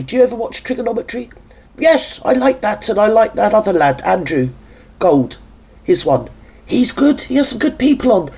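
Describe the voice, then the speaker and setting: A man's voice: a little high, darkish tone, slightly rough. A man from England hosting a reaction video, chatty and gossipy with sarcastic asides. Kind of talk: chatty commentary over a clip.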